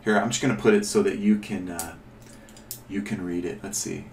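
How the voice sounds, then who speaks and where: Low-voiced man rambling in an echoey room. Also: steady tone, normal speed, creaky, darkish tone, a little hiss or hum. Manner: rambling, chatty, self-correcting, thinks aloud. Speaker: miniature painting tutorial host. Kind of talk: casual show-and-tell tutorial. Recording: echoey room, mic at a distance.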